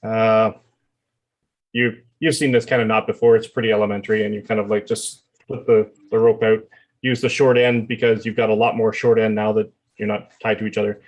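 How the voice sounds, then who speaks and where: A man running a tabletop game as its game master, narrating the action in a relaxed way with many fillers. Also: on the low side, a little fast.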